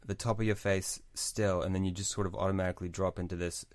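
Deep-voiced man recapping in a dry room. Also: fast, dry recording. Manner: explanatory, recapping points in a steady list. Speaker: podcast co-host. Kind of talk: casual chat.

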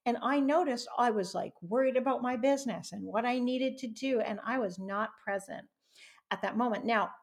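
A woman hosting a podcast interview in a casual, animated way, laughing often. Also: on the high side, normal speed. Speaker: podcast host.

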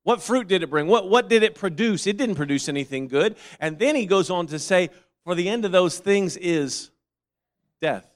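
Fervent high-voiced male preacher. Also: animated, normal speed. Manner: builds from quiet reasoning to loud, fervent calls; repeats phrases and quotes scripture aloud. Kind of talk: sermon.

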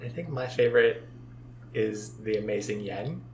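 A young man co-hosting a podcast, casually chatting about a movie and sharing trivia in a relaxed, agreeable way. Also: lowish voice, moderate pace. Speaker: podcast co-host. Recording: echoey room with faint hum.

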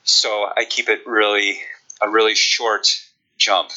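A sprint coach with a Chicago accent, explaining training in a relaxed podcast interview, with many ums. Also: male voice, lowish voice, slow, highs cut off.

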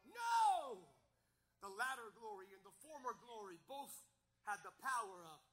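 A man's voice: very high-pitched, big pitch swings, a little slow, fairly bright tone, poor audio. A man preaching a sermon, emphatic, with rhetorical questions and repeated phrases.

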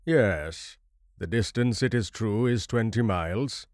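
Brief: male narrator as a grave, embittered old scholar, low-pitched and deliberate. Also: a little mellow, dry recording, studio quality, natural voice. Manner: measured, grave, formal delivery. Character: bitter reclusive older male scholar. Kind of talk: audiobook horror story reading.

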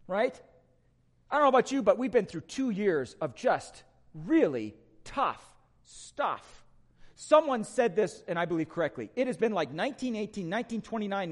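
A man preaching a sermon to a congregation, asking rhetorical questions and swinging between loud emphatic lines and quiet ones. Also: high-pitched. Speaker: pastor.

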